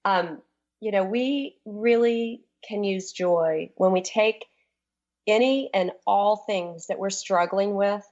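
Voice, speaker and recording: A woman's voice: medium pitch, a little mellow. Enthusiastic woman coach on lo-fi radio. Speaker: guest, transformation coach. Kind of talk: casual radio interview.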